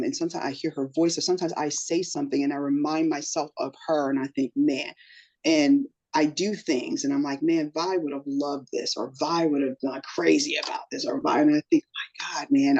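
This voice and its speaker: A woman's voice: low voice, highs cut off. A middle-aged woman telling a personal story in an emotional, earnest way as a podcast guest. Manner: emotional, earnest storytelling with lively quoted voices.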